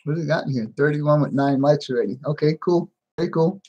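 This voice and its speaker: A middle-aged American man runs a casual live stream, welcoming viewers one by one. His voice sits a bit high for a man, and he chuckles often between greetings. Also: quick pace, mellow, highs cut off. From United States. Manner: chatty, laughs often, greets each viewer by name.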